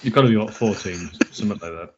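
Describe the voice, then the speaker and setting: Co-host, man, husky lowish voice, teasing questions, dull sound. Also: fast talker, darkish tone. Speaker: podcast co-host. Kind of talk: casual chat.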